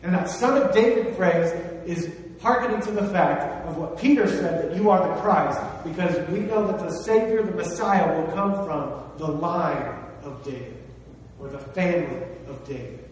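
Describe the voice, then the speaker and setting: A man preaching in a large hall, recorded by a mic some distance away, so his voice rings with long, heavy reverb. His pitch sits a little high for a man, and he talks to the room like a conversation, tossing out questions and lifting his voice on the phrases that matter. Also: moderate pace, a little hiss or hum. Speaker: pastor. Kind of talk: sermon.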